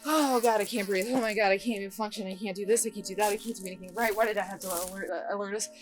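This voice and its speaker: A woman's voice: medium pitch, steady tone, very fast, natural voice. An actress playing a panicking young woman who spirals into breathless, guilty self-talk in a film drama. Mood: panicked.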